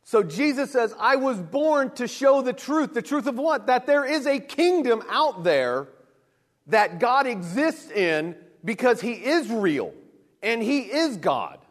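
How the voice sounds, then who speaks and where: A man in his thirties preaching a sermon in an animated way, acting out quick voices for God and people. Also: very high voice. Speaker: pastor. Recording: long reverb of a hall.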